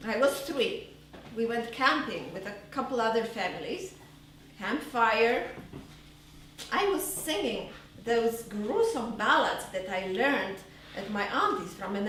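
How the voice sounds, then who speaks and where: A woman's voice: sits high, fairly bright tone. A woman performing an earnest solo theater monologue, recorded live on a small stage. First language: Polish. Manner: earnest storytelling, measured. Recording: live stage, roomy hall from far off, faint noise.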